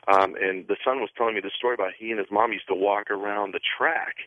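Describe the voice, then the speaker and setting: Low-voiced male caller on a phone line. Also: steady tone, no echo. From US Pacific Northwest. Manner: halting, repeats words and restarts while telling a story. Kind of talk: telling a story on a call-in radio show. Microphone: telephone.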